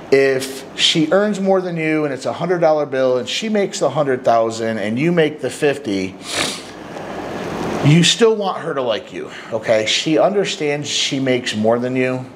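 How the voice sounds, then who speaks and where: Middle-aged dude, dating coach, talks straight at you, blunt and emphatic, plays out the back-and-forth. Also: male voice, medium pitch, lively intonation, a little slow, noisy background. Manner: blunt, emphatic, acts out quoted dialogue. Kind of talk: direct-to-camera advice talk.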